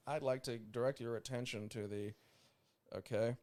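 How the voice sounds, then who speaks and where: A man's voice: medium pitch, normal speed, darkish tone. A young Australian man hosting a podcast, reading listener letters aloud and breaking off into sweary joking asides. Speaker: podcast host.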